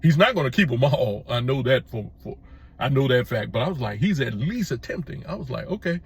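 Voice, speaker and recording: A man's voice: mid-range voice, lively intonation, a little fast, creaky, husky. A middle-aged man hosting his own channel, giving an emphatic opinion monologue with repeated phrases and stammered restarts. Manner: emphatic, repetitive, restarts with stammered false starts. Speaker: YouTube channel host.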